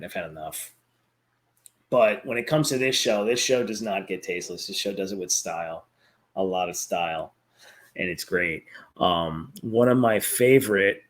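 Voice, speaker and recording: A man's voice: on the low side, moderate pace. A man chatting casually about a favorite cartoon, rambling, laughing often and swearing freely. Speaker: vlogger reviewing a cartoon series. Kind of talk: casual chat.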